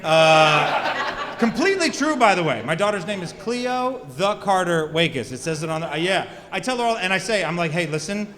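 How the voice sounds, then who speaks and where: Millennial comic man, high-pitched, crowd work, loud laughing house, long reverb. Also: big pitch swings, normal speed. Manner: crude, self-mocking, chatty with the crowd. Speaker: stand-up comedian. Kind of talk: stand-up set. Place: comedy club stage. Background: audience laughter.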